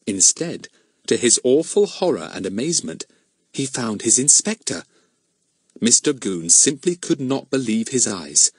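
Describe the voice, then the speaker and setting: A man reads a children's mystery audiobook with lively, animated intonation. The sound is close and dry with no room echo, and he shifts into distinct voices for each character. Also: mid-range voice, unhurried, slightly rough. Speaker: audiobook narrator. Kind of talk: storybook audiobook narration.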